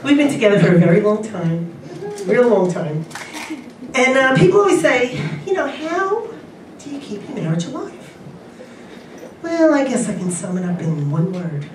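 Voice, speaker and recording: A middle-aged woman doing a stand-up comedy set on a convention stage, with punchy, drawn-out delivery and laughs. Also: medium pitch, very animated, a crowd in the background. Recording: echoey room from far off, loud ambience. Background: audience laughter.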